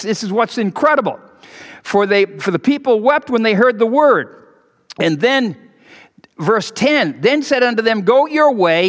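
A male pastor delivering a sermon in a church, his voice sitting high for a man. He swings from hushed, low passages to loud raised peaks, leaning on rhetorical questions, repetition and quick joking asides. The sound carries a long, ringing hall reverb. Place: church sanctuary.

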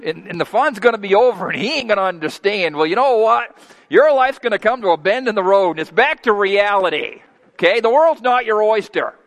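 A man in his fifties preaching a sermon as pastor, folksy and homespun, moving from quiet asides to loud, emphatic preaching. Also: high voice, animated, a little fast. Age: 50s. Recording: long hall reverb.

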